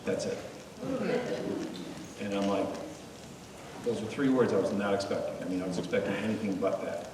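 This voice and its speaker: A man's voice: fairly low pitch, fairly even intonation, normal speed, pauses often, noisy background. A middle-aged man giving a talk, telling his story earnestly with wry humor. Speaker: guest speaker. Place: meeting hall. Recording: echoey hall, mic far off.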